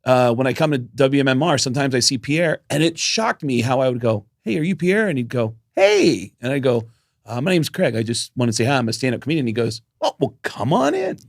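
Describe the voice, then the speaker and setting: A middle-aged man on a podcast tells a rambling story with real energy. His pitch jumps up whenever he quotes someone, and he drops in casual swearing. The sound is dry and close, with no room around it. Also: fast talker, no room sound. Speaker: podcast co-host.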